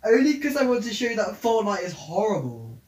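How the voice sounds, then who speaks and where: A man's voice: high voice, wildly swooping pitch, brisk, darkish tone. A younger brother chatting beside the host in a stubborn, playful way, rambling about his favorite shows. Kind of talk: casual banter.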